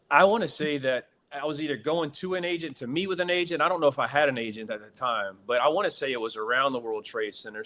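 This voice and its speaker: A middle-aged man with a Southern accent, a guest telling stories in a casual interview, excitable, laughing often and saying "dude" a lot. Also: mid-range voice. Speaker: guest actor.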